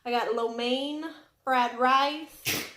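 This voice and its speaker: A woman's voice: high-pitched, fairly even intonation, takes it slowly, bright, forceful tone, echoey room. A young woman vlogger chatting casually and apologetically while eating on camera. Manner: chatty and apologetic, talking between bites. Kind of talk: casual eating vlog chat. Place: home room indoors.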